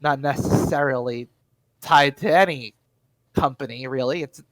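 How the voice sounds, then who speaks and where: A man's voice: medium pitch, normal speed, a bit bright, no echo, close to an everyday voice. A man voicing an evasive captured male criminal who stammers and restarts as he dodges questions.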